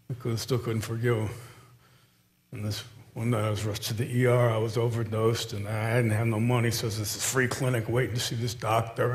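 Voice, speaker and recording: A man in a one-man stage play playing a worn-down adult, speaking in a low, halting, confessional way. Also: natural voice. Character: weary grown man, worn down and haunted.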